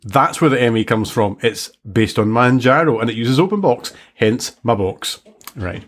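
Husky man, dry self-mocking podcast chat. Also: medium pitch, lively intonation, moderate pace. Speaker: podcast co-host. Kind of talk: casual chat.

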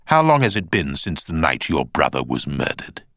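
A cool trial barrister, read by a male narrator pressing a witness with measured, pointed questions. The voice sits low but moves a good deal in pitch. The recording is dry and close. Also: wildly swooping pitch, vocal fry, a bit bright, dry recording, heavily acted. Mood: probing. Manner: measured, pointed cross-examining. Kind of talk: audiobook character voice.

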